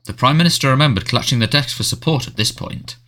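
An audiobook narrator, a man with a medium-pitched voice, reads a storybook in a measured, expressive way.

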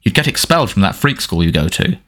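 A man's voice: fairly low pitch, sing-song, quick pace, fairly bright tone. A man voicing a snarling teenage bully. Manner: snarling, taunting. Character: surly teenage boy bully, big and sneering.

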